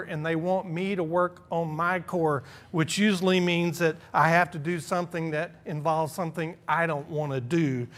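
Middle-aged man, pastor, sermon delivery: fairly high voice, earnest, wry self-deprecating asides. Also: fairly bright tone.

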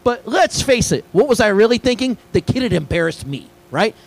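A middle-aged man preaching a sermon, telling a story with lively swings between hushed asides and excited high points. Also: a little fast, vocal fry, low-quality recording. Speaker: pastor.

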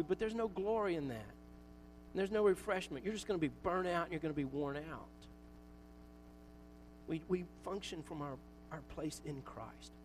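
A man's voice: high-pitched, slight background noise, low-quality recording. A pastor preaching a casual, conversational sermon, joking at his own expense and acting out little asides. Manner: conversational, self-mocking, with acted asides.

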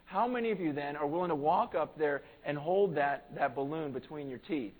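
A pastor preaching a conversational sermon in church, earnest and plain-spoken, swelling to emphatic peaks. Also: male voice, a little high, normal speed, darkish tone, poor audio.

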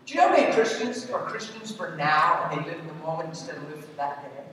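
A man's voice: on the high side, big pitch swings, fast, background noise. A man preaching a sermon with emphatic delivery, putting questions to the congregation and throwing in joking asides. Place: large church hall. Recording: echoey hall from far off.

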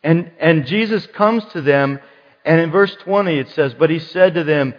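Male pastor, sermon, animated storyteller, slightly high voice, echoing church hall, muffled. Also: measured pace. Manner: animated, acts out quoted voices. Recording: muffled church hall sound with long reverb.

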